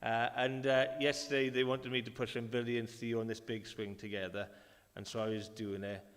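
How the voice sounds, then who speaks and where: A Welsh man in his thirties preaching a sermon in a relaxed, conversational way, with many fillers and restarts. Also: medium pitch, brisk. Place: church hall. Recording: reverberant church hall.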